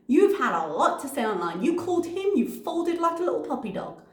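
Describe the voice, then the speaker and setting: Sarcastic woman, lively reaction commentary. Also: high-pitched, normal speed. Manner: sarcastic, blunt, swearing. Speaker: reaction channel host. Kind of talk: commentary reacting to messages read aloud. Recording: echoey room.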